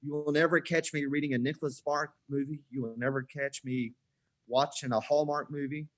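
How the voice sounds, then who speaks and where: A man's voice: fairly high pitch, fairly quick. A man in his forties, a podcast guest, telling stories in a casual chat and acting out the dialogue as he goes. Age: 40s. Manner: animated storyteller who acts out quoted dialogue.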